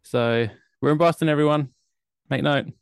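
A man's voice: a little high, normal speed, vocal fry, clean tone, no echo. Wry Australian man recapping films. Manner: chatty, wry film recaps with filler ums. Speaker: podcast co-host. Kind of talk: casual chat.

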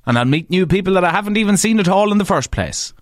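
A man with an Irish accent, a podcast and radio host, tells stories in a casual monologue. He swears freely and jumps up in pitch when he stresses a point. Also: fast talker, no echo, clean studio sound. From Ireland. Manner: animated, swears freely, leaps up in pitch for emphasis.

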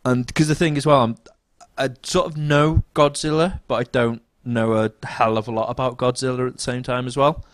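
A young man chatting casually about films as a podcast co-host, animated and sweary, with trailing restarts. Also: medium pitch, normal speed, few pauses, no room sound. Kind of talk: casual film chat.

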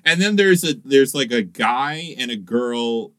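Animated, jokey young man co-hosting. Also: mid-range voice, a little slow. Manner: animated, jokey, playful voice swings. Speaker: podcast co-host. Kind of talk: casual chat.

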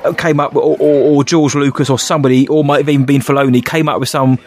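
A man's voice: medium pitch, steady tone, quick pace, a little mellow. A man co-hosting a podcast, rambling and self-mocking in casual chat, laughing often. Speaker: podcast co-host.

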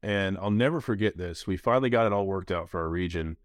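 A man in his thirties hosting a casual podcast, telling stories in an animated way. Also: sits low, fast, no room sound, studio quality. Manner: animated storyteller, acts out quoted voices. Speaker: podcast host.

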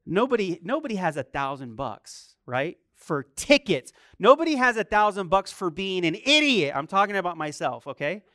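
A man's voice: high-pitched, very animated, normal speed, hardly any pauses, bright, forceful tone, no echo. Storytelling preacher man, dry close sound. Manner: storytelling with rhetorical questions, acts out quoted voices. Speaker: pastor. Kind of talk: sermon.

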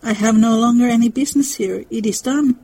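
A woman reading aloud, voicing an earnest, gentle German professor who speaks with formal, halting phrasing. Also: a little high, low-quality recording.

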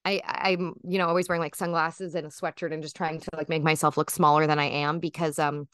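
A woman's voice: low voice, flat delivery, fast, a bit bright, clean tone, no room sound, studio quality. A woman in her thirties, a guest chatting casually in an interview, rambling with lots of fillers and restarts.

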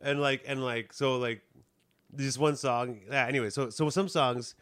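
A man's voice: mid-range voice, fairly even intonation, normal speed, a bit bright, clear, resonant tone. A man who plays in a band, telling a casual story in a rambling, profane way, often checking in with "you know what I mean". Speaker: musician.

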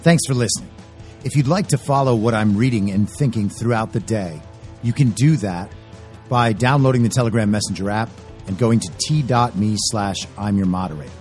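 A man's voice: on the low side, moderate pace, darkish tone, soft background music. A man hosting a political commentary podcast, talking in a blunt, emphatic and opinionated way into a close microphone. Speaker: podcast host.

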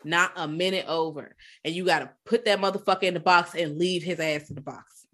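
A woman co-hosting a podcast, retelling a film in a lively, profane, casual way. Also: on the low side, a little fast. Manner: animated, profane, acts out quotes. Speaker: podcast co-host.

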